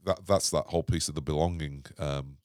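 A man hosting a podcast, talking casually with many pauses and restarts. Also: rumbling low, fairly even intonation, a little mellow, no room sound, studio quality. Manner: halting, lots of ums and restarts. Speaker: podcast host.

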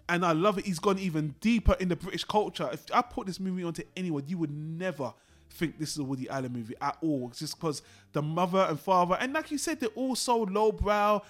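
A man co-hosting a podcast, chatting casually about a film, animated and swearing as he acts out lines from it. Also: high-pitched. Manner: animated, swearing, acts out characters in his retelling. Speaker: podcast co-host.

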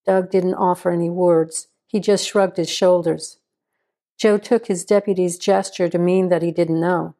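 Woman reading a crime story, steady and even, soft mellow voice. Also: fairly low pitch, unhurried. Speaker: narrator. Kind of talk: scripted story narration.

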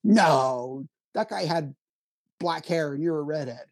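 Man playing a pushy, doubting fan, pitched well up, firm. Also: slow, darkish tone, dry recording, studio quality. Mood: insistent. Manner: insistent, doubtful. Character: insistent, disbelieving theater fan.

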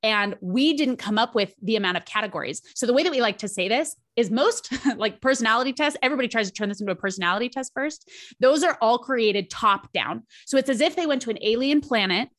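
Expressive woman coach, a bit high-pitched, lively delivery. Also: fast talker. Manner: lively, animated, dramatic. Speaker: charisma coach. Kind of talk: podcast interview explanation.

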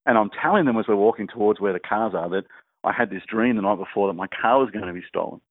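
A man, a grief researcher and guest, telling anecdotes in an animated, casual way. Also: fairly low pitch, fast talker, no echo. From Australia. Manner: animated storyteller, laughing through anecdotes. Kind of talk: casual storytelling chat. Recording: dry, tinny phone-like line.

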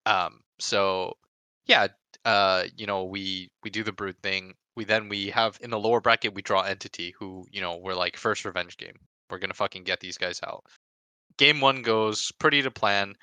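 Man, casual podcast storyteller, energetic ranter, lowish voice with a bright edge, dry booth. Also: moderate pace, clear, resonant tone, no echo. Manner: animated storytelling, heavy swearing, rants. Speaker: pro esports player recounting a tournament.

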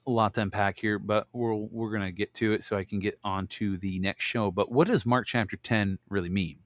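A man with a fairly low voice reads scripture aloud at a deliberate pace. He breaks off now and then for loose, conversational comments to his audience. The sound is close and dry. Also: no room sound. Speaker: host reading and commenting on scripture. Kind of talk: Bible reading with casual commentary.

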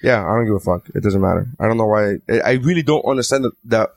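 A man talks quickly through a casual chat, telling a profane story and acting out the lines of others. He sits in a dry-sounding room with little echo. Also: fairly low pitch, vocal fry. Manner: profane, animated storytelling with acted-out quotes. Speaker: podcast co-host.

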